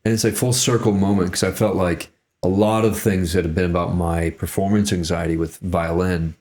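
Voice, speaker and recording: A man's voice: low voice, moderate pace. A young man from Ohio, an actor and violinist, telling stories in a casual interview and acting out quotes. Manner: animated, acts out quotes in raised voices.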